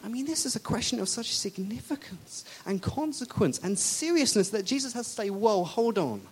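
A preacher delivers a sermon in a lively, conversational way, turning often to the congregation with questions. Quoted speakers get acted out with big jumps in pitch and loudness. A faint hiss sits under the voice. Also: brisk. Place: church service.

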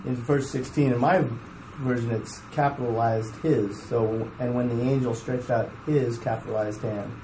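Man reading scripture in a flat voice. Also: medium pitch, moderate pace, slight background noise, low-quality recording. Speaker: class member reading scripture aloud.

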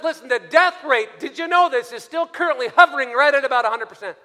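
A man preaching a sermon as pastor, swinging from soft, low passages to shouted exhortation. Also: big pitch swings, fast, hardly any pauses. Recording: long hall reverb.

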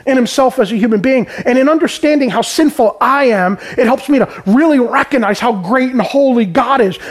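A man preaching a conversational sermon who explains scripture in everyday terms and keeps checking in with "right?". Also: extremely high pitch. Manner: informal, peppered with "right?" and "man".

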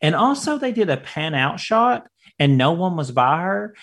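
Gravelly-voiced guy on a movie podcast, voice bounces around, cracks wry jokes. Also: on the high side, big pitch swings, moderate pace, fairly bright tone. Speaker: podcast co-host. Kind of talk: casual chat.

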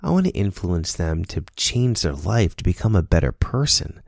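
A man's voice: low-pitched, big pitch swings, moderate pace, vocal fry, no room sound, studio quality. A man in a casual monologue, earnestly telling a personal story and acting out the dialogue. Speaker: speaker sharing a personal lesson.

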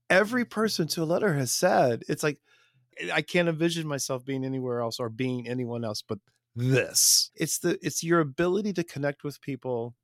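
A man's voice: a little high, fairly bright tone, dry recording, studio quality. A male podcast host with a Midwestern American accent, affirming and emphatic as he talks with his guest. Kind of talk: interview conversation.

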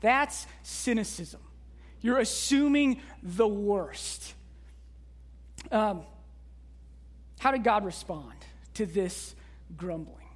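A woman's voice: medium pitch, lively intonation, drawn-out words, long pauses. A woman pastor giving a sermon in a conversational way, with frequent rhetorical asides to the congregation.

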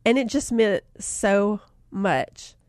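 A woman giving a faith-based motivational talk, telling a family story in a lively, conversational way and calling her listeners guys. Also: medium pitch, takes it slowly, no room sound, studio quality. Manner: animated storyteller, acts out voices in anecdotes. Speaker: motivational speaker.

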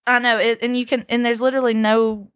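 A woman's voice: on the high side, little pitch movement, quick pace, fairly bright tone, clear, resonant tone, no echo. A woman co-hosting a casual podcast with friends, telling rambling stories full of "like" and "literally". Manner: rambling storyteller, says "like" and "literally" often. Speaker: podcast co-host. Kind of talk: casual chat among friends.

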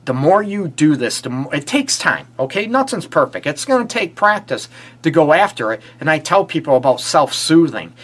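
A man's voice: on the high side, sing-song, normal speed, a bit bright. A middle-aged man, a relationship therapist, giving earnest advice on a live stream and asking rhetorical questions. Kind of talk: casual advice talk to a live audience.

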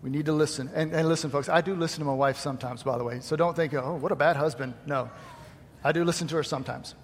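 A middle-aged preacher with a high, light voice delivers a folksy sermon full of jokes and asides to the congregation. His words ring out with a long reverb from a large church hall. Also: steady tone, fast, a little hiss or hum. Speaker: pastor.

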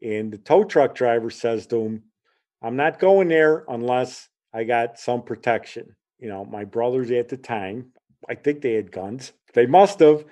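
Telling a personal story in a casual, animated manner, a middle-aged Chicago man acts out the voices of its characters. He speaks at medium pitch, a little slowly.

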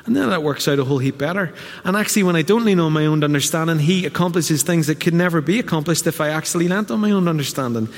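A man preaching a conversational sermon, often slipping into quick quoted asides. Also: fairly high pitch, in a large hall. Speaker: pastor.

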